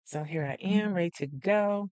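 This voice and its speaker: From home, a woman hosts a live planner stream, chatting casually, thinking aloud, and greeting viewers by name. Her voice is on the low side and a little mellow, at a normal speed, and she sounds a little out of breath. The recording is dry.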